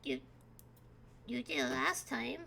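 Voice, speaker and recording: A woman doing Rad, an excitable little boy. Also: sits high, takes it slowly, gravelly, slight background noise, pitched above the performer's own voice, exaggerated voice. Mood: puzzled. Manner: bouncy, bewildered, blurting.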